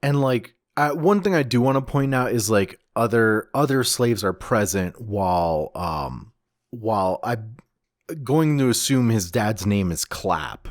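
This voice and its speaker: A man co-hosting a podcast, chatting casually and thoughtfully, with halting restarts. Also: fairly low pitch, animated, no room sound, clean studio sound. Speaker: podcast co-host. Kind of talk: casual chat.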